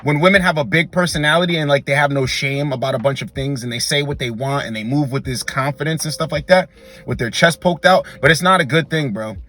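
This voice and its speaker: Blunt, husky-voiced young man giving advice. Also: fairly high pitch, brisk, pushed and bright. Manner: blunt, emphatic, keeps calling the listener bro. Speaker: dating advice host. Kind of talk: direct-to-camera advice monologue.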